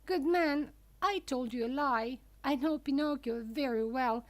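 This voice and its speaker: A woman voicing an excitable wooden puppet boy who pleads in a high, eager voice. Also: unhurried. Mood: confessing.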